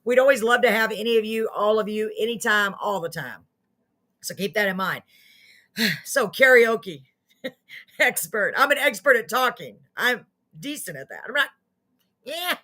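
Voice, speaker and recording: A woman's voice: medium pitch, animated, normal speed, bright, forceful tone. A woman hosting a casual live online show, chatting to viewers in a friendly, self-mocking way. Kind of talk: casual livestream chat to viewers.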